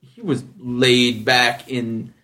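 A man in his thirties hosting a casual podcast, telling stories with lively energy and jumping high when he quotes other people. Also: very slow. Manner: animated storyteller, jumps high when quoting others. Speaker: podcast host.

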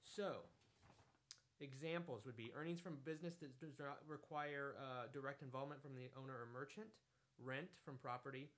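A man's voice: mid-range voice, steady tone, moderate pace, fairly bright tone. A man co-hosting a podcast, talking in a dry, matter-of-fact way and reading questions aloud. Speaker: podcast co-host. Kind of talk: casual podcast banter.

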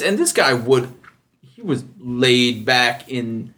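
A man in his thirties hosting a casual podcast, telling stories with lively, acted-out voices for other people. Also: takes it slowly. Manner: animated storyteller who acts out other people in a high voice. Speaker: podcast host.

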